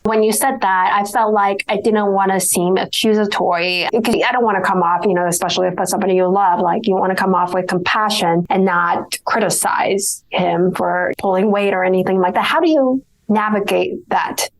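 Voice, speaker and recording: A woman's voice: medium pitch, fairly even intonation, moderate pace, hardly any pauses, low-quality recording. Hesitant woman hosting a podcast. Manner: hesitant, with many fillers. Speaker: podcast host. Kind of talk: casual interview chat.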